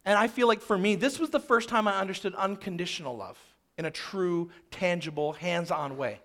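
A man's voice: high voice, fairly quick, hardly any pauses, a bit bright. A man in his thirties telling a personal story in a sermon, emphatic and fond of repeating phrases for rhythm.

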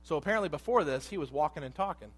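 A man in his thirties preaching a sermon with a fairly high voice for a man. He talks in a conversational, animated way, slipping into quiet asides and then building back up to loud emphasis. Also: very fast, husky. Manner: animated, acts out voices in quotes, swings between hushed asides and loud emphasis. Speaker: pastor.

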